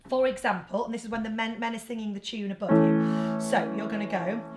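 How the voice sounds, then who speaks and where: Chatty English choir leader, roomy sound. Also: female voice, fairly high pitch, steady tone, brisk. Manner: chatty teaching, breaks into singing phrases. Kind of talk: online choir lesson. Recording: roomy sound over backing music.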